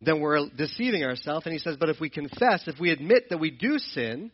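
A man with a fairly high, expressive voice speaks fairly quickly, with the highs cut off in the recording. He teaches from the Bible in an earnest, explanatory sermon style, often repeating and restarting phrases.

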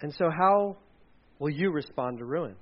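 Pastor guy preaching, kinda high voice, lively storytelling, bit muffled recording. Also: a little slow. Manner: animated storyteller, acts out quotes. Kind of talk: sermon.

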